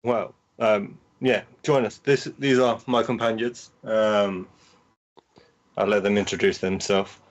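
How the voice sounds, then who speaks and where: A man casually playing a tabletop game, easygoing and relaxed in his talk. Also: on the low side, measured pace. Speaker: player. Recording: dull lo-fi mic.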